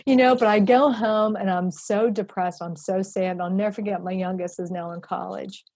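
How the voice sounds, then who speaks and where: A woman in her fifties, a guest and executive director, telling a heartfelt story in an animated, emphatic way that often repeats itself. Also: medium pitch, moderate pace, husky, dry recording.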